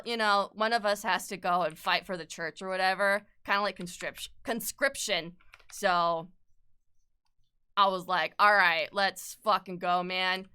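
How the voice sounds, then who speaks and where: A young woman chatting casually on a livestream while she sketches, swearing freely with sudden bursts of excitement. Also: medium pitch, clear, resonant tone. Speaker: streamer and artist.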